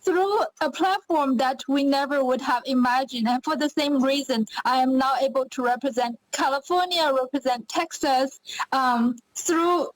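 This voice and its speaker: High-voiced woman with a Chinese accent. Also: normal speed, dry recording, rough recording. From China. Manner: upbeat, chatty with many fillers. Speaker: pageant winner guest. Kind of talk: podcast interview.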